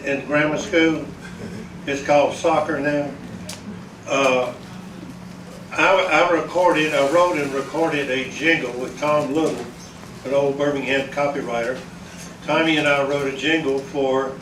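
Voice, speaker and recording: A man's voice: a little high, fairly bright tone, slight background noise. An older man, a veteran broadcaster telling rambling, chuckling stories to an audience at an event. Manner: chuckling, folksy, meandering with restarts. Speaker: veteran broadcaster giving a speech. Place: large echoey event hall. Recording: echoey hall from far off.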